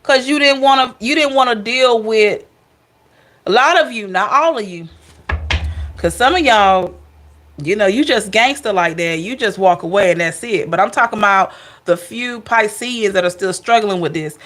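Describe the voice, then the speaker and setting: A woman's voice: mid-range voice, moderate pace, a bit bright. A woman giving a casual tarot reading, chatty, blunt and playful, speaking straight to her viewers. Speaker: tarot reader.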